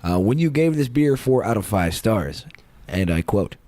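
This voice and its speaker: A man hosting a beer podcast, giving details in a measured, matter-of-fact way. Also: on the low side, big pitch swings, dark tone, no room sound. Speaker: podcast host. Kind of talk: casual chat.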